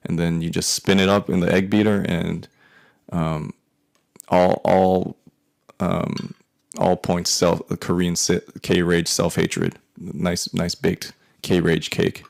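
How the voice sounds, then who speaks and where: A man's voice: deep voice, level tone, slow, creaky, darkish tone. A man in his forties telling a personal story in a profane, rambling, wry way. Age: 40s. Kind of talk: casual storytelling monologue.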